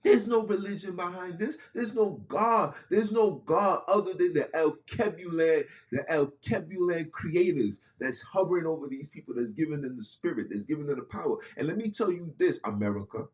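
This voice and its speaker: A man's voice: on the high side, animated, moderate pace, hardly any pauses. A man hosting a podcast, speaking in an impassioned monologue with casual street phrasing and repeated lines for emphasis. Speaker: podcast host.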